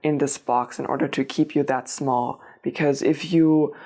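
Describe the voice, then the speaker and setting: A woman giving a tarot reading, talking straight to the listener in a meandering way with restarts and gentle reassurance. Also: very deep voice, steady tone, moderate pace. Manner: meandering, many restarts and fillers, addresses listener directly. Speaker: tarot reader. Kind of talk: unscripted spiritual reading to camera.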